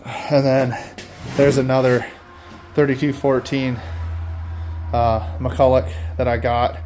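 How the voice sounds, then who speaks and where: A man's voice: mid-range voice, level tone, darkish tone, slight background noise. Casual man showing off his equipment. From Michigan. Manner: halting, with many fillers and self-corrections. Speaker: lawn service owner. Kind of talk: casual equipment walkthrough vlog.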